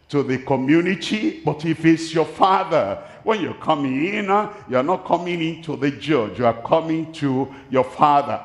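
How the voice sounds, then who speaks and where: A man with a Nigerian accent preaching a sermon at a large crusade, speaking slowly and deliberately, repeating his key phrases. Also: fairly high pitch. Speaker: pastor. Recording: echoey hall, voice from a distance.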